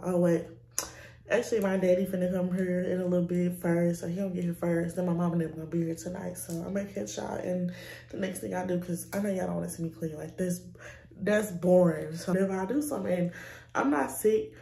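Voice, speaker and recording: A woman's voice: lowish voice, creaky, dark tone, roomy sound. A young woman, vlogging in a casual, chatty, slangy way from home, talking into a phone camera held at arm's length. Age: young adult. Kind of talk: casual vlog talk. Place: home, indoors.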